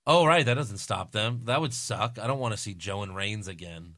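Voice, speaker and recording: A man with a bright, forceful tone chats casually as a podcast co-host. He rambles and hedges, leaning on "like" and "you know". His voice sounds dry and close. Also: on the low side, moderate pace, no echo. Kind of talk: casual wrestling chat.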